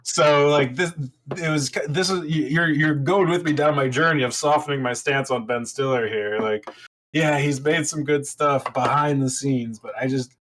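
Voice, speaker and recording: A man's voice: on the high side, steady tone, normal speed, a bit bright, slight background noise. Opinionated man in casual podcast chat. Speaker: podcast co-host.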